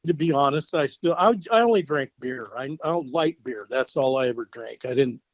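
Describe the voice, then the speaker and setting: A middle-aged man talks in a plain, hesitant way, full of "you know" and small restarts. His pitch is mid-range. The sound is dry and somewhat dull, with no echo. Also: expressive, fairly quick. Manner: plain-spoken and hesitant, with many fillers. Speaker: guest, the husband. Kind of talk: candid interview answers.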